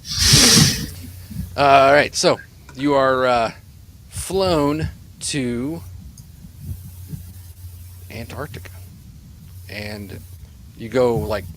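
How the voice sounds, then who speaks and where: A man runs a tabletop game as its game master. He talks in a rambling, hesitant way full of fillers. His pitch is ordinary, and a faint hiss of noise sits under his voice. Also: drawn-out words, long pauses, fairly bright tone.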